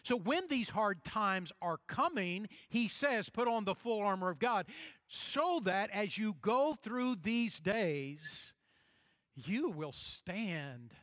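A man pastor delivering a sermon, emphatic, repeating key phrases and slowing down to stress them. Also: high voice, expressive, fairly bright tone, no room sound, clean studio sound.

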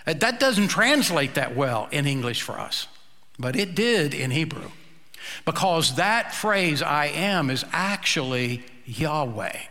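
A male pastor preaching a sermon, slow and emphatic, with dramatic pauses. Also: fairly high pitch, big pitch swings, sharp tone, long reverb tail.

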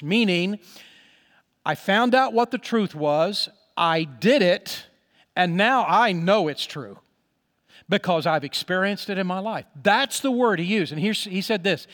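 High-voiced preacher in a reverberant hall. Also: male voice. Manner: earnest preaching, slow emphatic phrases, drops soft on prayers. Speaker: pastor. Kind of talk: sermon.

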